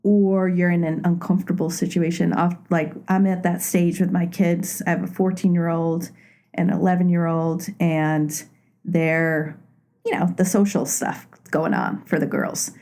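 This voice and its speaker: A woman's voice: on the low side, little pitch movement, measured pace, warm tone. A woman in her forties from Maine, a podcast guest chatting casually and laughing easily. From Maine, USA. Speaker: podcast guest, loan officer. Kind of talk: casual interview chat.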